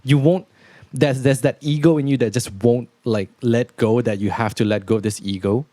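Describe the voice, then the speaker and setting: A young man hosting a podcast, talking in a relaxed, rambling way with lots of fillers. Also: medium pitch, normal speed, no echo. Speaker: podcast host. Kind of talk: casual podcast chat.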